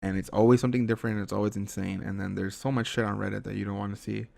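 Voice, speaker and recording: Fast-talking gravelly young man. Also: lowish voice, crowd noise. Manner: rambling, profane, animated. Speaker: podcast host. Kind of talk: casual chat.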